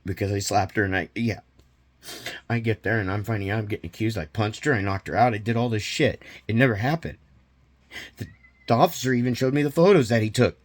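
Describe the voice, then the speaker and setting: A man vlogging a personal confession, retelling events in an agitated, halting way with nervous laughs. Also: on the low side.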